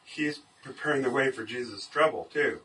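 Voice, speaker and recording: Bright-voiced man in a Bible study. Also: mid-range voice, normal speed, recorded from a distance, slight background noise, rough recording. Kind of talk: group discussion.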